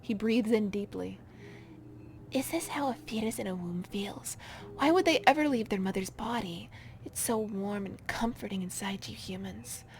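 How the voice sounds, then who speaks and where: A woman voicing a possessive parasitic amoeba in the shape of a man, speaking low, soft and breathy, sometimes in a whisper, for a game reading. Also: normal speed, a little hiss or hum, close to an everyday voice. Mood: dreamy.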